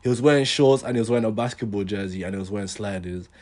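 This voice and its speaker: A young man, casually telling an animated, slang-filled story with laughter. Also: lowish voice, very fast.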